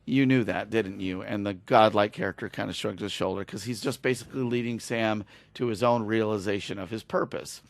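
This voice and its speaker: A man's voice: on the low side, fairly quick, creaky, hardly any pauses, no room sound. A man on a podcast retelling a TV episode in casual chat, acting out the dialogue and getting emotional. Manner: animated storyteller, acts out dialogue, gets emotional. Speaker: podcast host.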